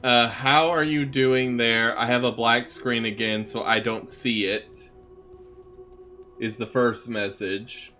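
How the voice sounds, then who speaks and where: A man's voice: medium pitch, fairly even intonation, sharp tone, faint music behind. A man streaming a game, reading chat messages aloud and asking questions. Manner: slow, reads chat aloud.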